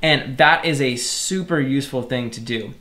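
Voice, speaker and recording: A man's voice: medium pitch, moderate pace, pushed and bright. A man teaching programming in a screen-recorded tutorial, explaining each step casually and speaking to viewers as "you guys". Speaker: programming instructor.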